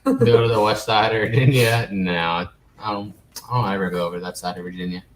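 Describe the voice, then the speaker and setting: A man's voice: lowish voice, fairly even intonation, brisk. A man hosting a casual live stream, rambling along and reading viewer comments aloud. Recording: echoey room with faint noise.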